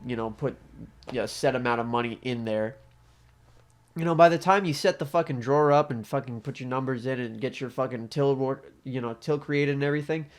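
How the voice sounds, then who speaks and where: Profane rambling young man ranting. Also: mid-range voice. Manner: profane, rambling, frequent fillers. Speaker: vlogger. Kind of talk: casual storytime rant.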